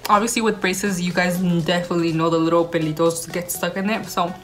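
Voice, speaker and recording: Young woman, bubbly and gushing, casual home vlog, clear music playing behind. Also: on the low side, steady tone, quick pace, a bit bright. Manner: bubbly, gushing, mixes in Spanish words while eating. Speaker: vlogger. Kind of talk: casual chatty food-tasting vlog. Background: background music.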